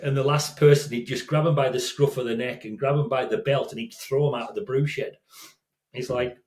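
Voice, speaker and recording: A man's voice: medium pitch, fairly even intonation, fairly quick, darkish tone. Older guy rambling through stories, lots of restarts, echoey room. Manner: rambling, many restarts and self-corrections. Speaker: guest. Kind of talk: casual storytelling. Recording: roomy echo.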